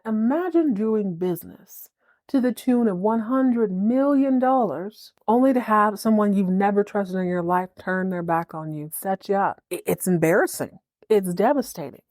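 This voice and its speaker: A woman hosting a podcast, recapping a TV drama in a casual, playful, slangy way with quick acted-out bits of dialogue. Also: medium pitch, lively intonation, darkish tone, dry recording, clean studio sound.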